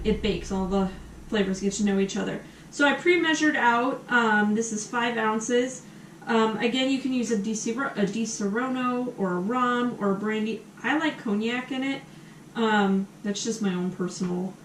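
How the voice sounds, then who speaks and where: A woman's voice: mid-range voice, a little hiss or hum. An American woman hosting a casual home cooking demonstration, chatty and full of ums as she talks while she cooks in her kitchen. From USA. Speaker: cooking show host. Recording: echoey kitchen, mic at a distance.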